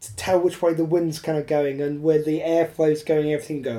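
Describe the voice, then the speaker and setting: A woman's voice: sits low, little pitch movement, a little fast, warm tone. A woman with an Irish accent co-hosting a podcast in casual chat, laughing often and restarting her sentences. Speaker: podcast co-host.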